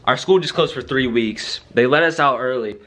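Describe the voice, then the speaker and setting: A young man ranting comically to camera, rambling and excitable, stringing thoughts with constant fillers and checks on the listener. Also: mid-range voice, moderate pace. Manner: rambling, excitable, fills with "like" and "right?". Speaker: vlogger. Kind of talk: comedic rant to camera.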